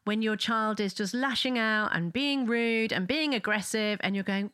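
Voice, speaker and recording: A woman's voice: mid-range voice, moderate pace, few pauses, pushed and bright, smooth, no echo, clean studio sound. A woman hosting a parenting show, chatting casually to listeners, asking tag questions and acting out what parents say. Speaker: parenting podcast host. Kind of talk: casual solo talk to listeners.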